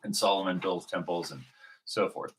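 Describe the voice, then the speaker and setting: A man's voice: low voice, steady tone, moderate pace, a bit bright. A man giving an unscripted, rambling religious monologue to his video audience, with many restarts and fillers. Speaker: video host.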